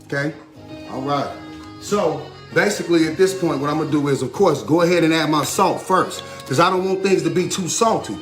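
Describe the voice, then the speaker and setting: A man hosting a casual cooking demonstration in a home kitchen, lively and chatty, often laughing and repeating a catchphrase. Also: on the high side, a little fast. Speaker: home cook and video host. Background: music playing under the voice.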